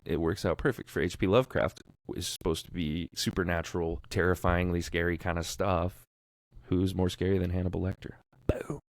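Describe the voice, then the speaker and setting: A man's voice: low-pitched, no room sound. A man co-hosting a casual podcast about voice acting, talking eagerly and nerdily about his audiobook work. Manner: enthusiastic, nerdy, talks fast when excited. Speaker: podcast co-host, audiobook narrator.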